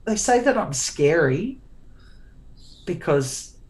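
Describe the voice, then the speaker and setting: A middle-aged woman with a low voice, chatting as an interview guest. She is blunt and sarcastic, and she often circles back and restarts her sentences as she talks. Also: sing-song, takes it slowly, a little mellow, poor audio. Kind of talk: casual conversational interview.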